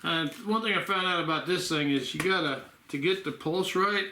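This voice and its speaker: A man's voice: fairly high pitch, moderate pace, pushed and bright, slight background noise. A man vlogging casually at home in the evening, rambling and sleepy, stopping now and then to yawn. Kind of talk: casual home health vlog. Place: home room. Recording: roomy echo.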